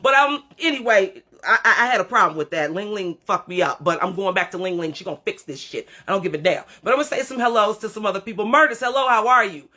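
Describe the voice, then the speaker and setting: A woman's voice: mid-range voice, quick pace, few pauses, bright, forceful tone. A middle-aged woman hosting a livestream, talking bluntly and with lots of swearing as she lectures her viewers straight to camera. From Creole background. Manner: blunt, profane, preachy, talks straight to viewers. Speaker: livestream host. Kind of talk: unscripted livestream rant.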